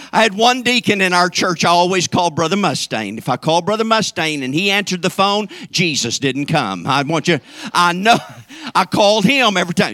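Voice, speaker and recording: A man preaching a sermon with fervor, swinging from shouted calls to the congregation down to near whispers. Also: high voice, no echo. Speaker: pastor.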